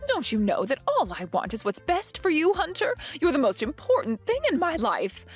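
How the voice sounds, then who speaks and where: A woman's voice: high-pitched, wildly swooping pitch, normal speed. A woman voicing a domineering middle-aged mother-in-law who accuses and bullies, in a dramatized text-message story. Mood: defensive. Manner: accusing and self-righteous.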